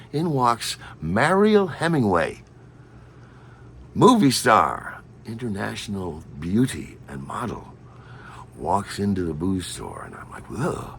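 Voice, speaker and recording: Brief: low-voiced male storyteller with a lively, swooping delivery and a wry, rambling humor. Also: slow pace, slightly rough. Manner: animated, digressive, wry. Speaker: storyteller host.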